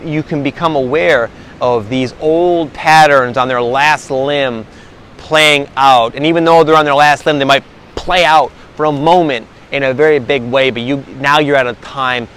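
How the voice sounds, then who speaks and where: A man's voice: mid-range voice, steady tone, moderate pace, a bit bright, a little hiss or hum. A man talking as a spiritual coach in a casual vlog monologue, rambling with many restarts and filler words.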